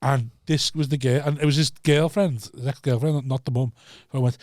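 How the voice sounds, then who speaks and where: Comic, podcast storyteller, animated and sweary, dry close mic. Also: male voice, mid-range voice, a little fast, hardly any pauses, dry recording. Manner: animated, swearing, acts out voices. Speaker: comedian.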